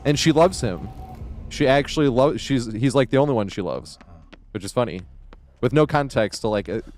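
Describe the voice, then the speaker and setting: A man chats on a live game stream in a loose, rambling way. He swears casually and laughs easily. His voice sits at an ordinary middle pitch. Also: lively intonation, moderate pace, a little mellow, a little hiss or hum. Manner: rambling, profane, chuckles often. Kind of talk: casual live-stream chat while gaming.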